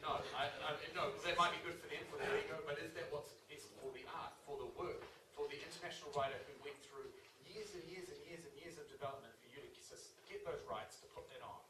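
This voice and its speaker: A man's voice: on the high side, quick pace, few pauses. A man, speaking emphatically as a panelist in a discussion at a small theatre. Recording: roomy far-off mic with loud hiss.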